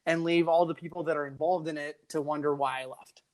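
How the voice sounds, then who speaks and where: A man hosting a casual chat podcast, answering in an earnest, measured way. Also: fairly high pitch, steady tone. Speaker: host.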